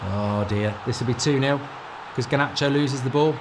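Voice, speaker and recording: A man's voice: medium pitch, moderate pace, background noise. A middle-aged man hosting a football fan channel, ranting and swearing through live match reaction commentary.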